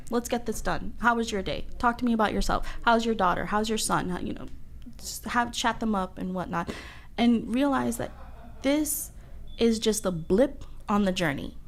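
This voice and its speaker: A young adult woman talking as a podcast guest, upbeat and chatty, often laughing. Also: mid-range voice. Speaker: agency coordinator, guest. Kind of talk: casual interview chat.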